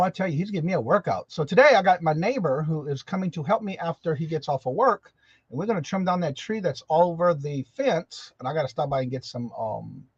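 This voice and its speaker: Man, folksy livestream chat, lively pitch, dull dry sound. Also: breathy edge, no echo. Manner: chatty, folksy, repeats greetings. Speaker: livestream host. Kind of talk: casual livestream chat greeting viewers.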